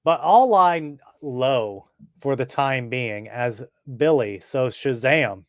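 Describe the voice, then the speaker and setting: A man's voice: mid-range voice, expressive, slow, no echo, clean studio sound. A man reading a comic book aloud in a casual way, adding fillers and side comments.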